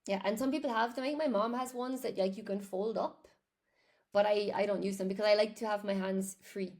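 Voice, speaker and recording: A woman's voice: mid-range voice, fairly even intonation, fairly quick, darkish tone. A woman with an Irish accent, an English teacher chatting on a live stream, reading out and answering viewer comments. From Ireland.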